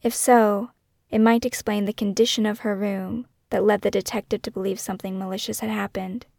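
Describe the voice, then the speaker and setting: A woman narrating her own true-crime memoir podcast as host, in a measured, brooding way that weighs one question after another. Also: medium pitch, flat delivery, gravelly, darkish tone, dry recording, studio quality.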